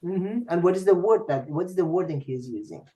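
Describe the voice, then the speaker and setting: A man tutoring a student online, explaining patiently with frequent pauses and fillers. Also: high voice, lively intonation, dark tone, muffled recording. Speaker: language tutor.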